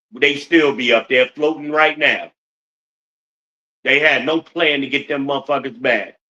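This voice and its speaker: A man's voice: mid-range voice, sharp tone, highs cut off. A middle-aged man hosting a podcast in a blunt, profane ranting monologue, full of rhetorical questions to his listeners. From United States. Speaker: podcast host.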